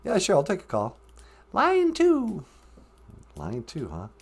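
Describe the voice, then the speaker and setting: A man's voice: high voice, huge pitch swings, slow, vocal fry. A man hosting a comedic live-stream podcast, joking casually and laughing at his own gags. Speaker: podcast host.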